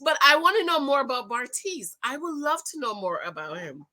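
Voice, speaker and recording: A middle-aged woman chatting casually to her viewers while recapping a TV show, animated and laughing often. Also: high-pitched, fairly quick. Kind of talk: casual reaction commentary.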